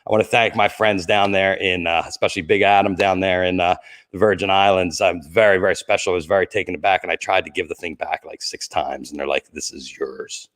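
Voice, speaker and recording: A middle-aged man chats casually to his livestream viewers from beside his Christmas tree. His voice sits a little low, and he rambles from joke to joke, greeting people by name. He coughs now and then between lines. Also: steady tone, quick pace, a bit bright. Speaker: livestream host.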